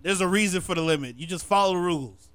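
A man in casual sports talk who reacts loudly, exclaims and laughs often. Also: high-pitched, quick pace, clear, resonant tone.

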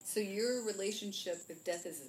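A woman hosting a podcast, asking questions in a gentle, affirming way. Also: mid-range voice, normal speed. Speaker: podcast host. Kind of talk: interviewing. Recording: echoey, distant mic, faint noise.

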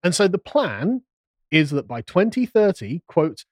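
Animated, sarcastic male podcast host. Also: on the high side, normal speed, no room sound, studio quality. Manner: reads documents aloud with sarcastic commentary. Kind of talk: casual political discussion podcast.

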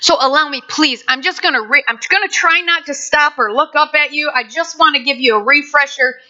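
A woman pastor preaching a sermon in a lively, conversational way with playful asides to her congregation. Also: sits high, fairly quick, highs cut off. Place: church sanctuary.

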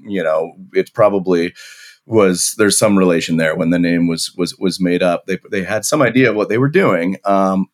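A man's voice: low voice, normal speed. A man, an author guest on a podcast, explaining history in long flowing stories with many restarts.

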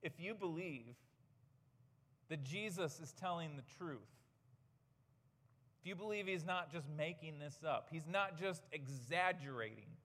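A pastor delivers a sermon, pressing his points with earnest, emphatic rhetorical questions. His voice sits a little high for a man. The sound rings with the long reverb of a church hall. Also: lively intonation, unhurried, long pauses, fairly bright tone.

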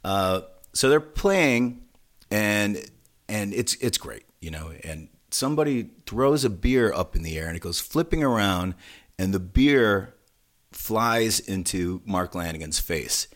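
A low-pitched man in casual podcast conversation, telling a story at length with a self-deprecating touch. He rambles and restarts as he goes, growing animated in places. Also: measured pace. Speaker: podcast co-host.

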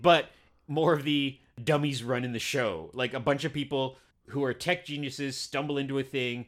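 A man co-hosting a casual film podcast, chatty and enthusiastic as he pitches this week's screenings. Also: steady tone, moderate pace, fairly bright tone. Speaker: podcast co-host, cinema programmer. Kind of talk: casual chat.

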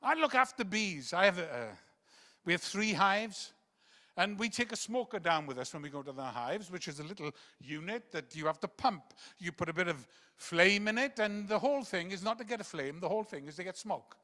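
A man preaching a rambling sermon that swings between loud emphatic bursts and hushed quiet passages. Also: high-pitched, animated, a little fast. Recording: long reverb of a large hall.

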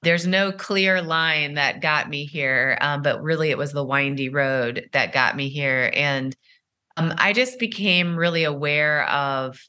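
A middle-aged woman with a low-pitched voice speaks in an interview as a company founder. Her tone is bright and forceful. She explains things in a measured way, often pausing on "uh" and "you know". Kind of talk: podcast interview answers.

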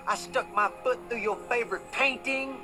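A man's voice: very high-pitched, normal speed. An actor playing a crude, destructive man who whoops and swears while trashing a house. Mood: scornful. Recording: clip from a show with loud music behind.

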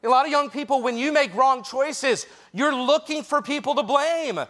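A man preaching a sermon to a youth group, lively and jokey with quick asides, speaking straight to the young listeners. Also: very high voice. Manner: directly addresses young listeners.

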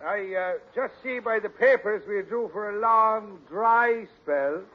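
A man's voice: sits high, measured pace. An actor playing a thirsty male beat cop with a who drops sly, drawling hints, in 1940s radio sitcom acting. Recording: dull 1940s radio broadcast.

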